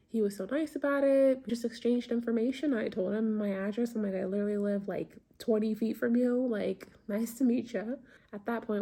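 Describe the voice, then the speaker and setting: A woman's voice: mid-range voice, warm tone. A young adult woman vlogger telling a casual storytime, chatty with lots of fillers. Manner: chatty, many fillers, embarrassed retelling.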